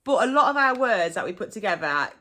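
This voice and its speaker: A woman's voice: mid-range voice, sing-song, fast talker, bright, forceful tone. Chatty Black Country woman explaining dialect. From Black Country, England. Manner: chatty, laughs easily, gives example phrases. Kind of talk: casual explanatory monologue.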